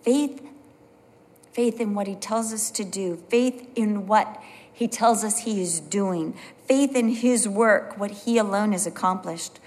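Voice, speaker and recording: A woman's voice: medium pitch, measured pace, darkish tone. Earnest woman teaching Bible study. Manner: earnest, emphatic repetition. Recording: long hall reverb.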